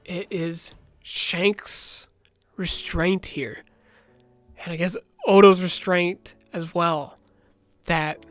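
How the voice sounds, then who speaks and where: Slow, reflective man narrating an essay. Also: on the high side. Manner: slow, reflective, dramatic pauses. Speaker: video essayist. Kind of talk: measured video essay narration.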